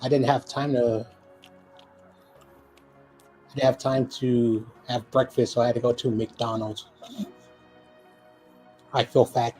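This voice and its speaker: A man's voice: mid-range voice, little pitch movement, slow, pauses often, mellow, faint music behind. A man co-hosting a live football stream in casual chat, rambling, joking and often losing his train of thought.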